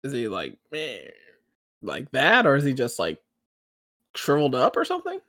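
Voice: medium pitch, normal speed, no room sound, clean studio sound. A co-host in a casual chat, telling stories with animation and breaking into squealing impressions of other people. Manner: animated storyteller who mimics others with squeals.

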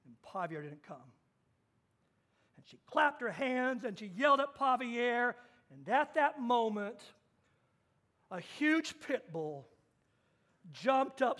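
A man from Kansas preaching a sermon as pastor, telling a story and acting out the voices in it, moving from hushed to loud. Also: very high voice. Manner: storytelling with acted-out quotes, swings from hushed to loud.

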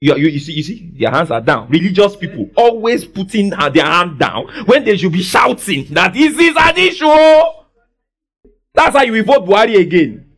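A man preaching a sermon, calling for responses from the congregation and swinging between soft asides and loud declarations. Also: high-pitched, big pitch swings, normal speed, vocal fry. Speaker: pastor.

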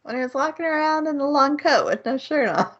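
A woman's voice: high voice, expressive, muffled recording. A woman co-hosting a podcast, casually recapping an anime and laughing often at her co-host. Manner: laughs often, slow and easygoing.

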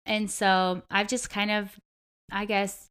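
A woman's voice: medium pitch, flat delivery, takes it slowly, fairly bright tone, smooth. A young adult woman telling a personal story in a casual talk with a host, chatty and full of "like". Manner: chatty, heavy use of "like". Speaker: interview guest.

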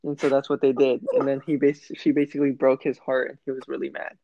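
A young man co-hosting a casual podcast, telling stories in a deadpan way. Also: medium pitch, fast talker, vocal fry, no room sound. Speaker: podcast co-host. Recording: dry, dull lo-fi mic.

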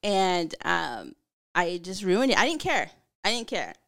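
A woman's voice: lowish voice, measured pace, gravelly. A woman guest on a podcast, chatting casually and animatedly acting out what her family says. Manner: animated storyteller, acts out quotes. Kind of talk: casual chat.

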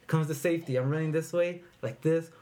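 A man's voice: fairly high pitch, steady tone, a little fast, very noisy. A man on a casual podcast telling a rambling, profane sports story and acting it out. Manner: rambling, swearing, acts out the moment. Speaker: podcast co-host.

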